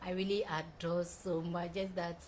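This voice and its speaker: A woman's voice: fairly low pitch, level tone, moderate pace, darkish tone, slight background noise. A young woman hosting a show, chatting effusively and laughing often as she reads out viewer messages. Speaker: show host. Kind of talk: casual live-show chat reading viewer comments.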